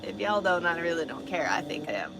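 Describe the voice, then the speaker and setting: A woman's voice: fairly low pitch, very animated, a little fast, noisy background. A woman chatting casually on a live stream, rambling with lots of fillers, swearing freely and amused by her own jokes. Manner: profane, rambling, self-amused, many fillers. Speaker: vlogger chatting with live viewers.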